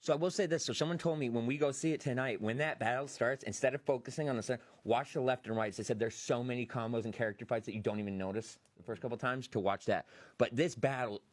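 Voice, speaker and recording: A man hosting a podcast, excitedly retelling a film's scenes and acting out the quotes. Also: mid-range voice, quick pace, no echo. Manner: animated retelling, acts out quotes. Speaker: podcast host. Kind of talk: excited movie review chat.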